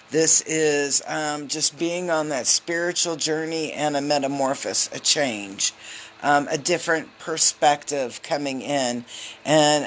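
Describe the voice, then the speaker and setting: A woman giving a casual live tarot reading on a phone, chatty and loose, with lots of filler ums and quick hellos to her viewers. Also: deep voice, slight background noise. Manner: greets viewers mid-reading. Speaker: tarot reader.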